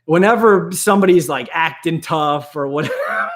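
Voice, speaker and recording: A man's voice: fairly high pitch, expressive, moderate pace, fairly bright tone. A man hosting a casual aquarium live stream, rambling and laughing a lot, sometimes slipping into goofy voices.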